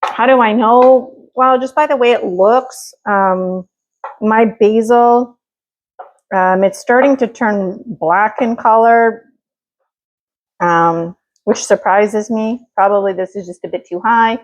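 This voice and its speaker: A woman's voice: on the high side, slow pace, highs cut off. A middle-aged woman hosting her own home cooking vlog, talking in a rambling, chatty way with many fillers while she cooks. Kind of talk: casual cooking chat.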